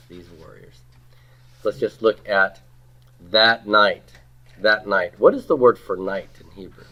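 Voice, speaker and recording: A man teaching a grammar class, asking students questions, repeating their answers and leading them in saying words aloud. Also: on the low side. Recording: slightly dull lo-fi classroom recording.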